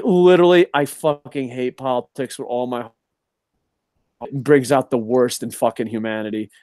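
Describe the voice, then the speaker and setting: A young adult man hosting a casual chat show, ranting in an animated, profane way. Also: on the high side, no room sound, clean studio sound. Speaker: podcast host.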